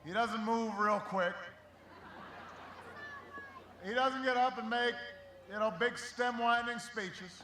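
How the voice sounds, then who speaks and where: Male rally speaker, high bright voice, booming through an echoey venue. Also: a little slow, slight background noise. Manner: rousing, shouting over a crowd. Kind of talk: campaign rally speech.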